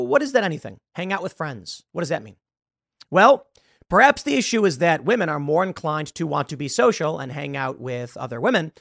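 A man's voice: a little high, vocal fry, a bit bright, dry recording, studio quality. A man hosting an opinion commentary show, lecturing with a sarcastic edge. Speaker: political commentary host.

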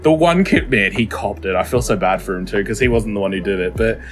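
A man's voice: lowish voice, a little fast, soft background music. A man, co-hosting a podcast and telling a story in casual chat, full of swearing and laughter. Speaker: podcast co-host.

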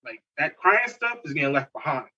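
A man from Newark, telling animated stories in slangy casual chat and laughing often. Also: fairly high pitch, fairly quick, breathy edge. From Newark, New Jersey. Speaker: podcast co-host. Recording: distant, dull lo-fi mic.

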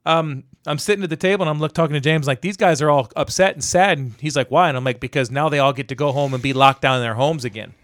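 A man's voice: on the high side, fast talker, hardly any pauses, a bit bright, no echo, studio quality. A man co-hosting a casual sports podcast, telling stories with plenty of swearing and acted-out quotes. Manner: profane storytelling, acts out quotes. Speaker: podcast co-host.

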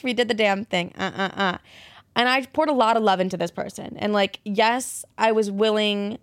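A woman's voice: mid-range voice, no echo, studio quality. Blunt, swearing young woman podcaster. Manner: blunt, profane, pep-talk tone. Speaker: podcast host. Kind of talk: casual monologue.

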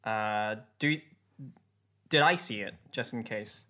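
A man's voice: on the low side, measured pace. A man playing a tabletop role-playing game, chatting casually and reacting expressively to his dice rolls. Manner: lively and expressive, laughing at his own rolls. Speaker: player.

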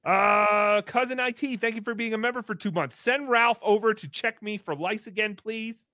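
A man hosting a comedic livestream, thanking members in a goofy, animated manner. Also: sits high, moderate pace, dry recording, studio quality. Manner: goofy, animated, swinging between squeals and mumbles. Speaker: livestream host. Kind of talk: comedic live-stream chat.

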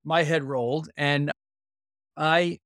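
Lively storyteller man in his fifties. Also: fairly high pitch, slow pace, clear, resonant tone, dry recording, studio quality. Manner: lively storyteller who acts out quoted dialogue. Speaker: guest, executive consultancy founder. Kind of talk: casual storytelling interview.

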